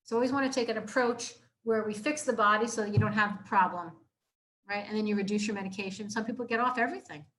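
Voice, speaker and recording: A young adult woman chiropractor giving an informal health talk to a live audience, casual and earnest, repeating herself and filling pauses with "like" and "you know.". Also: medium pitch, a bit bright. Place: community room, live audience.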